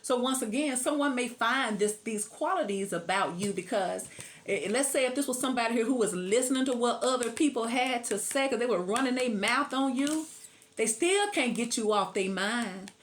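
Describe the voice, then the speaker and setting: Chatty woman with a bright high voice. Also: normal speed, a little hiss or hum. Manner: chatty, laughs often, breaks into song. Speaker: tarot reader. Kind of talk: casual tarot reading to camera.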